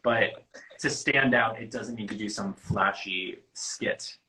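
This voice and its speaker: A man's voice: fairly low pitch, slow pace, pushed and bright, slight background noise, low-quality recording. A man working as a casting producer, giving candid, rambling advice in a casual chat and swearing freely.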